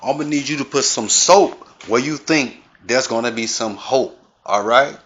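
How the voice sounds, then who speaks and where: A man's voice: mid-range voice, normal speed, a bit bright. A man hosting a comedy video who lectures his listeners in a preachy, repetitive rant. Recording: dull lo-fi sound.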